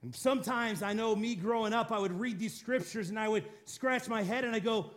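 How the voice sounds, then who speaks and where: A man with a high voice preaches a dramatic sermon. He presses hard on key phrases, then drops to a quiet, low murmur for emphasis. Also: a little fast, hardly any pauses. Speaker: pastor.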